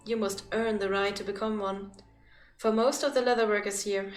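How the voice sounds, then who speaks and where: A woman's voice: mid-range voice, roomy sound, close to an everyday voice. A woman voicing a formal, earnest guildmaster while reading game dialogue aloud, with small slips.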